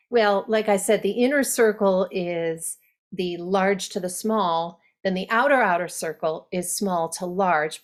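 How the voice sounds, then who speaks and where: A woman dialect coach giving an online workshop lecture to actors, explaining and demonstrating accent sounds. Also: fairly low pitch.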